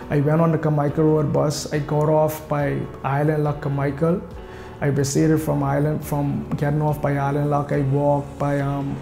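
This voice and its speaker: A young man tells his own story step by step, pausing for fillers and giving detailed street directions. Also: fairly high pitch, creaky, warm tone. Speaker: interviewee. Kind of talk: personal storytelling. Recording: echoey room with faint music behind.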